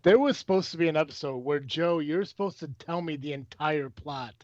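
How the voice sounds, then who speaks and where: Podcast host, adult man, rambling and profane, somewhat high voice, dull lo-fi dry recording. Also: a little fast, a little mellow, no room sound. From Illinois. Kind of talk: casual chat.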